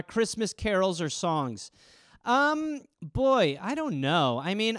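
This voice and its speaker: A man's voice: high-pitched, clean tone, no room sound, studio quality. A man in his thirties hosting a podcast, telling stories in a casual monologue with lots of swearing and acted-out quotes. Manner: profane, animated, acts out quoted voices. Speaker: podcast host.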